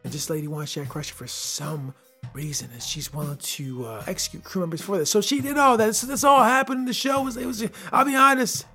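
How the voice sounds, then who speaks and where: A man's voice: high-pitched, fairly even intonation, brisk, pushed and bright, faint music behind. A man hosting his own podcast, talking casually and rambling through an episode review with frequent restarts. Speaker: podcast host.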